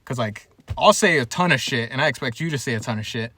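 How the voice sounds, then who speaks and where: A man's voice: mid-range voice, lively intonation, quick pace, bright, forceful tone, breathy edge. A young man in casual podcast chat, talking candidly and rambling with many fillers.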